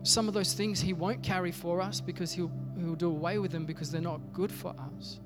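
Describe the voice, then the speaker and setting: A man's voice: high voice, steady tone, a little fast, long reverb tail, loud music behind the voice. A man preaching a sermon in a conversational way, acting out little dialogues. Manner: conversational, acts out quoted dialogue. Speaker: pastor.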